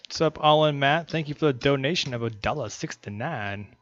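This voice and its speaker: A man's voice: medium pitch, fairly quick, fairly bright tone. A man doing casual, joking play-by-play on a live poker stream. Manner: joking, chatty banter. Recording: dull lo-fi stream audio, faint noise.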